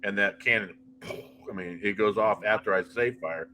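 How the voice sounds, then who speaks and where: A middle-aged man, a paranormal investigator, telling animated anecdotes in a casual interview and often restarting his sentences. He talks freely, piling one example onto the next. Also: on the low side, normal speed.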